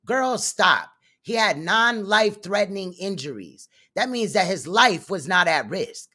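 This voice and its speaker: A woman's voice: mid-range voice, expressive, a little slow, bright, forceful tone. A woman commentator reacting to a clip, blunt and sarcastic, swearing freely.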